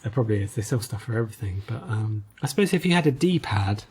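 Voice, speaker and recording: A man's voice: lowish voice, animated, fast, a little mellow, slightly rough. A man co-hosting a podcast, chatting casually about retro games in a rambling, hesitant way with lots of fillers. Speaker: podcast co-host.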